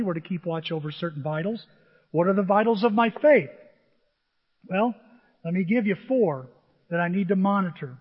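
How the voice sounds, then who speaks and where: Husky middle-aged male pastor, animated sermon delivery, dull recording with a long hall reverb. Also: high-pitched. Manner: animated, shifts between shouting and near-whispers.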